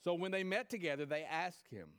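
A man preaching a sermon to his church, emphatic, rising high and loud then dropping low and quiet. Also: expressive, fairly quick, clean tone. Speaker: pastor.

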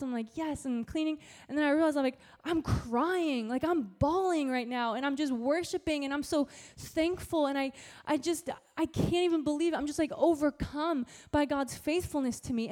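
A young woman youth pastor giving a sermon, telling a story in animated, casual slang. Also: high voice.

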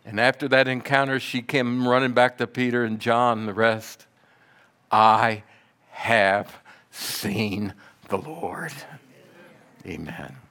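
A man preaching a sermon, retelling the story slowly and dramatically with emphatic swells. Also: mid-range voice, a bit bright, clean tone.

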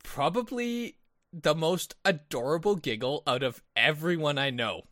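Teasing podcast guy, bright tense voice, kinda high, dry close sound. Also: measured pace, no room sound. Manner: teasing, laughing often. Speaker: podcast co-host. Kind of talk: casual chat.

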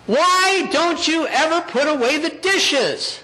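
A man's voice: extremely high pitch, animated, slow pace, sharp tone, voice pushed up, full character voice, low-quality recording. A preacher imitating his wife scolding him about household chores in a nagging tone.

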